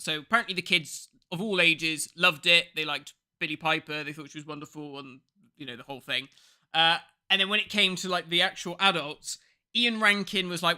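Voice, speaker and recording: A man's voice: fairly high pitch, fairly quick, smooth. A man in his thirties from England, co-hosting a casual podcast chat and telling stories, acting out the people he quotes. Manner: animated storyteller, acts out quoted people. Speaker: podcast co-host.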